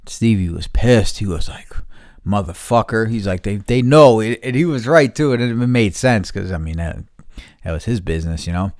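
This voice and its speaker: A man's voice: on the low side, expressive, moderate pace, a little mellow, no echo, clean studio sound. A man hosting a podcast, telling a long story in casual, rambling fashion and swearing constantly. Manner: rambling, heavy swearing, laughs mid-story. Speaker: podcast host.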